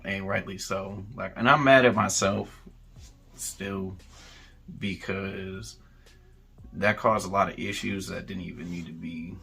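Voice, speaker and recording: A man with a lowish, gravelly, bright-edged voice talks earnestly in a casual chat. He sounds apologetic as he explains himself. He rambles, filling gaps with "like" and "you know". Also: fairly even intonation, unhurried, soft background music. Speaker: co-host.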